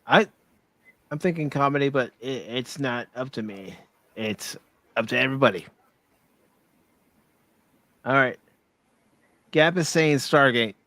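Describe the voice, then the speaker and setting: A man hosting a casual pop culture stream, reading out viewer votes in an easygoing, relaxed way. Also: medium pitch, measured pace, long pauses, no echo. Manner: easygoing, relaxed, restarts often. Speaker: host of a pop culture livestream.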